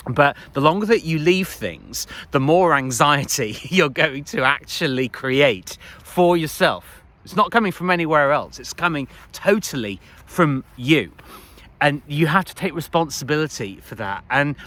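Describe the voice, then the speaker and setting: A man's voice: a little high, animated, measured pace, a bit bright. A man in his forties talking as a life coach in a casual motivational monologue, rambling with frequent restarts and laughs. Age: 40s.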